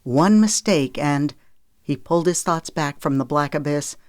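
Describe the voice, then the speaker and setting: A narrator reading a novel in a steady, measured voice at an even, middle pitch. The recording is close and dry, with no room sound. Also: no echo. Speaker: audiobook narrator. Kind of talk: scripted narration of a romance novel.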